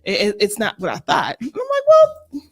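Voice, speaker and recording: A woman's voice: medium pitch, fairly quick, gravelly, breathy edge. A woman co-hosting a casual chat show, telling a personal story and acting out both sides of the dialogue. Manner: animated, acts out dialogue in voices. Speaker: podcast co-host.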